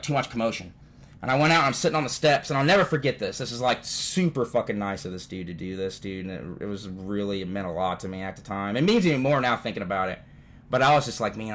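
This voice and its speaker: A man vlogging from home, telling rambling stories full of swearing and constant "dude"s. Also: on the low side. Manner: animated, swears constantly, says "dude" often. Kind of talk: profane casual storytelling.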